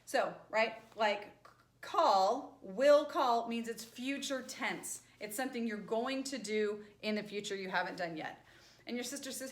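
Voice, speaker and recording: A woman's voice: a little high, unhurried, a bit bright. A woman teacher explaining grammar in a patient lecture, often checking in with "right?". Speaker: sign language teacher. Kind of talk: classroom lecture. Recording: echoey room.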